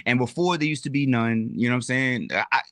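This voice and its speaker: A man chatting casually as a guest creator on a toy livestream, animated and full of "my brother" and "you know what I'm saying". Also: mid-range voice, fast talker, no room sound, clean studio sound.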